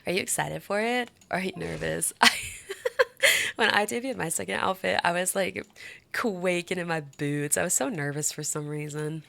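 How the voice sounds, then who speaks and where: A woman's voice: lowish voice, moderate pace, creaky, pushed and bright. A young adult woman streaming live, chatting with her viewers in a bubbly, giggly, gushing way.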